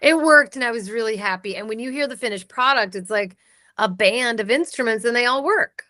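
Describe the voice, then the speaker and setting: A woman actress being interviewed, telling stories in a peppy, animated way with lots of quoted asides. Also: a little high, brisk, no echo, studio quality. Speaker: actress and voice actor, guest. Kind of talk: casual interview chat.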